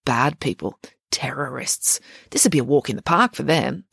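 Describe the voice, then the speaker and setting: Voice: mid-range voice, lively intonation, normal speed, gravelly, fairly bright tone, husky, no echo, clean studio sound, full character voice. A reader voicing a tough, blunt teenage girl inmate, pushy and slangy.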